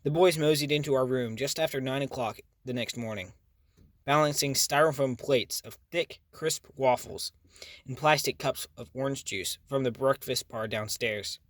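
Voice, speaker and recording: A man narrating a first-person audiobook in an even storytelling voice. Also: medium pitch, moderate pace, dry recording.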